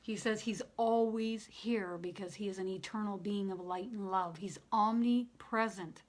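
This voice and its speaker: An emotional woman medium speaks during a live channeling session. Her voice moves from excited, laughing bursts to soft, hushed passages, and at times she sounds close to tears. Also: medium pitch, measured pace. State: near tears. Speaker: spiritual medium.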